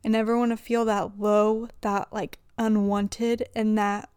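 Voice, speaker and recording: A woman's voice: medium pitch, flat delivery, a little slow, darkish tone, clear, resonant tone, no echo. Young woman rambling confessionally, dry sound. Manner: rambling, filler-heavy with frequent "like". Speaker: vlogger. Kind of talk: confessional personal talk.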